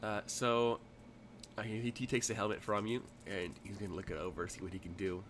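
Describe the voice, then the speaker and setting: A man's voice: on the low side, level tone, fairly quick, fairly bright tone, a little hiss or hum. A man narrating as game master of a tabletop game in a loose, rambling way full of fillers.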